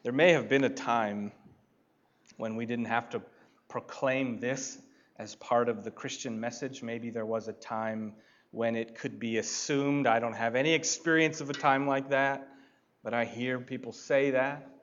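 A man preaching a sermon, deliberate and building to emphatic points. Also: medium pitch, steady tone, fairly bright tone, highs cut off. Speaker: pastor.

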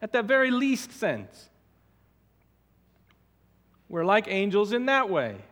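A man's voice: high voice, big pitch swings, slow pace, a bit bright. A male pastor preaching an expository sermon, emphatic, repeating and stressing words as he teaches. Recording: long hall reverb.

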